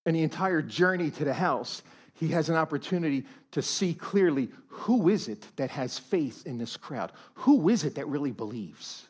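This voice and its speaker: High-voiced man preaching a lively sermon. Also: normal speed, slightly rough. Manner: animated preaching, swinging from hushed to loud. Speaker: pastor. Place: church auditorium.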